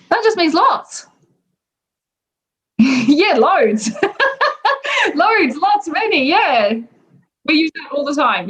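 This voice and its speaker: An Australian woman talks through slang terms one by one in a relaxed, chatty way, laughing often as she goes. Her voice sits a little high and she takes her time. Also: rough recording. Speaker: teacher explaining slang. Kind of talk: casual explanation.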